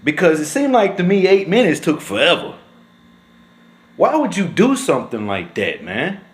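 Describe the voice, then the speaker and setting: A young man, talking to camera in casual, emotional commentary. He is upset and indignant and says "man" again and again. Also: wildly swooping pitch. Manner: drawn-out and low when shaken, rises sharply when angry. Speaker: vlogger.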